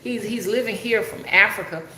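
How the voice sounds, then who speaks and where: A woman's voice: medium pitch, moderate pace, pushed and bright, echoey room, slight background noise. A woman with a Southern Alabama drawl, talking casually and rambling to a livestream audience, often asking if they understand. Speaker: spiritual rootworker livestreamer.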